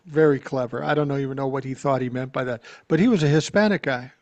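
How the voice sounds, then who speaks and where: A man's voice: fairly high pitch, brisk, few pauses. A man from Georgia calling in as a regular guest on a political talk show, speaking bluntly and steadily with some cursing.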